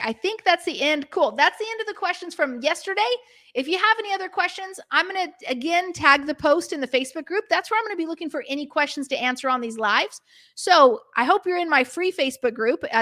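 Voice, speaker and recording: A woman's voice: sits high, expressive, fast, pushed and bright. A woman hosting a casual live stream, chatty and bubbly, with lots of fillers. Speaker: host of a live stream for preschool owners.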